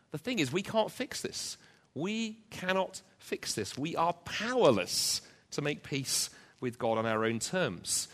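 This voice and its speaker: A man's voice: fairly high pitch, a bit bright. A man preaching an emphatic sermon to a church congregation, driving points home with rhetorical repetition. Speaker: pastor. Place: church, also live-streamed.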